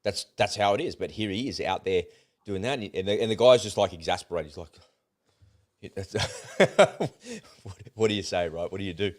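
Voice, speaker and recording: A man's voice: sits low, fairly quick, darkish tone. A man co-hosting a casual political chat, blunt and exasperated, swearing as he rants. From Australia. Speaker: co-host.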